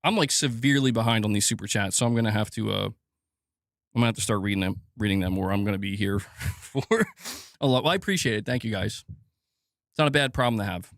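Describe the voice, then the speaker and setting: A man's voice: on the low side, a little fast, pauses often, no room sound, studio quality. A male gaming news streamer in a heated, sarcastic and profane livestream rant.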